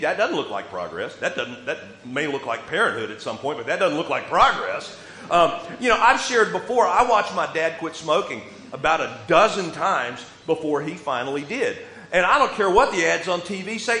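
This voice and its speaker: A man pastor preaching a sermon in a casual, joking way, moving between loud emphasis and quiet asides. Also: fairly high pitch, a little hiss or hum. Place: church sanctuary. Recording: echoey room with faint ambience.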